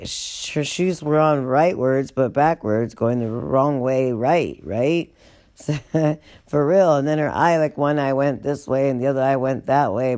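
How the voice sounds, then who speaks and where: A woman casually telling a funny, profane story in an animated way, laughing as she goes. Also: a bass voice.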